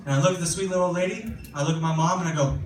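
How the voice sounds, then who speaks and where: A man's voice: a little high, racing, echoey room, distant mic. A young man performing a casual, profane stand-up set, full of fillers and self-deprecation. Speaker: stand-up comedian. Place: comedy club stage with audience laughter.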